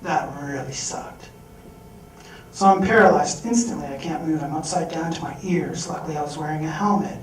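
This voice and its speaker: Animated man telling a story in a hall. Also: fairly high pitch, moderate pace, slight background noise. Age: adult. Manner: animated, acting out quoted voices. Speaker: speaker. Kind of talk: storytelling talk. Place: large hall. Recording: echoey hall from far off.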